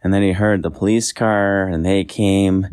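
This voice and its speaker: Brief: man, fairly low voice, gentle rambling bedtime storyteller. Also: steady tone, normal speed, smooth. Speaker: father telling his son a story.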